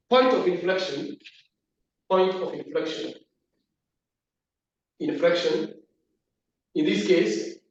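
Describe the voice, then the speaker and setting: A man teaching a maths class at the board, repeating key terms and asking the class questions. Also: high voice. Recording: echoey room, distant lo-fi mic.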